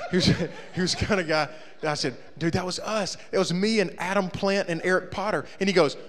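A man telling a comedic story to a young audience, acting out his friends' voices and shouting the punchlines. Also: high voice, steady tone, fairly quick, hardly any pauses, long reverb tail.

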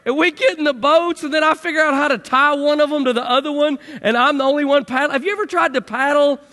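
A middle-aged man with a strikingly high voice tells a story to an audience, lively and full of acted-out sound effects. His voice rings with the long reverb of a large hall. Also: quick pace. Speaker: speaker telling a personal story.

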